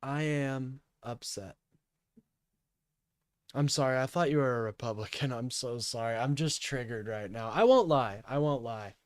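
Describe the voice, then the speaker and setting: A man's voice: medium pitch, animated, fairly quick, hardly any pauses, no echo. A man hosting a livestream, ranting in an agitated, profane way and apologizing often.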